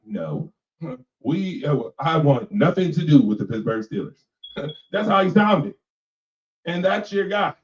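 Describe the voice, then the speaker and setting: Animated man ranting about sports, echoey. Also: a little high. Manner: animated, emphatic, repeats lines for effect; laughs between remarks. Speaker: radio show host. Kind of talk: casual sports rant. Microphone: personal microphone. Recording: echoey, distant, dull mic sound.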